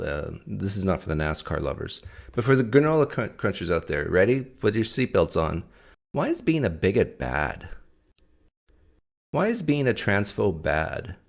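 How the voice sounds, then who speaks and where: A man hosting a live stream, reacting to a clip and firing off rhetorical questions in a casual, argumentative way. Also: sits low.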